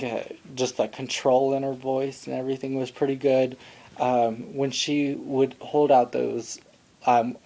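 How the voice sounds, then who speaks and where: A man's voice: medium pitch, dark tone. A young man casually recapping a TV show into a handheld camera, rambling with many ums and likes. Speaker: vlogger recapping a TV singing show. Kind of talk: casual talking-head recap. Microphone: handheld camera, shaky.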